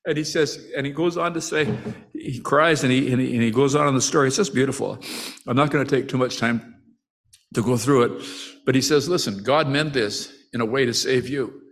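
A preacher with an everyday middle-pitched voice delivers a brisk sermon, talking as though chatting with his congregation. He frequently restarts sentences and slips into asides, and he acts out the brothers' quoted lines with mounting emotion.

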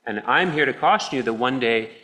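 A man preaching a sermon in a church, earnest, moving between soft stretches and emphatic ones. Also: medium pitch, lively intonation, fairly quick.

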